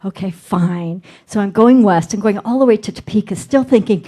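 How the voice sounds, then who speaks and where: A woman's voice: mid-range voice, normal speed, dark tone. A middle-aged woman minister delivering a sermon, telling a personal story and acting out her inner dialogue.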